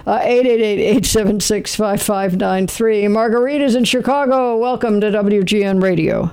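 An older man hosts a radio show in a rambling, casual way, full of fillers and self-corrections. His voice sits high for a man and carries a gravelly fry. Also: moderate pace, a little mellow.

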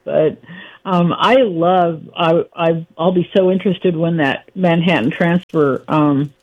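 A woman phoning in to a radio show, hoarse from a lost voice, eager and chatty with many fillers. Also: lowish voice, steady tone, slow. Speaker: caller. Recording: muffled phone call.

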